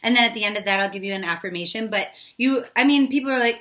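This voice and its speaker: Hoarse, chatty young woman reading tarot. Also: fairly high pitch, fast talker, fairly bright tone. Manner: chatty, informal, swears casually. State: hoarse, has lost her voice. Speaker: tarot reader. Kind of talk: casual tarot reading to camera.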